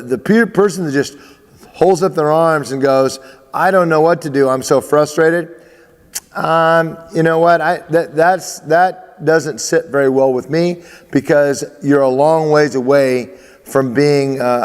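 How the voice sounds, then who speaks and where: A man's voice: on the high side, clean tone, long reverb tail. A man, a baseball coach, giving emphatic advice to athletes, often repeating himself and restarting phrases.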